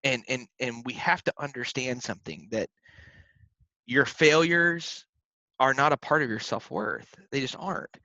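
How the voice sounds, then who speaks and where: A man's voice: medium pitch, a little slow, pushed and bright, dry recording. A young man, a podcast co-host, talking about faith in an earnest, rambling way with many restarts. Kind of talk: casual faith talk.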